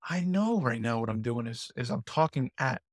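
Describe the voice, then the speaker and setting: A man of middle pitch talks about prayer in loose, halting bursts, stumbling over and repeating his words. His voice is recorded close and dry. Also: expressive, no echo. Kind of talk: casual faith conversation.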